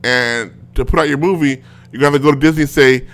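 A man's voice: medium pitch, fairly even intonation, quick pace, a bit bright. A man hosting a casual solo show from home, ranting in a rambling way with many fillers and restarts. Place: home with a smart speaker.

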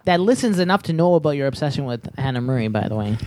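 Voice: mid-range voice, lively intonation, fast talker, very noisy. A podcast host in casual chat, steering the talk and reading out listener comments. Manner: chatty, reads out the chat.

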